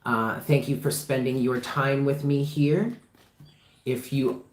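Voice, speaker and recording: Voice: medium pitch, fairly even intonation, takes it slowly. A tarot reader doing a livestreamed reading in an emphatic, impassioned way, swearing freely and repeating phrases for emphasis. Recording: roomy echo.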